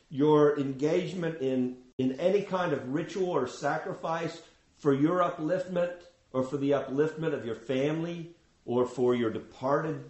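A man giving a scripture class, explaining in a measured way with frequent restarts. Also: a little high, a little mellow, echoey room, rough recording. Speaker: spiritual teacher.

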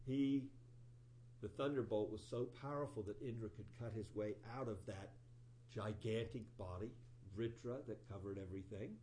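A man preaches from scripture in a storytelling voice. His voice sits at an ordinary male pitch. He leans into key words with rising emphasis, and he pauses to reflect between episodes of the tale. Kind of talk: sermon storytelling.

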